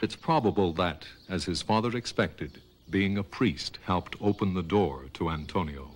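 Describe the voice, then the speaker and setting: A man narrating a documentary with calm, measured scripted storytelling. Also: low voice, a little hiss or hum. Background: music.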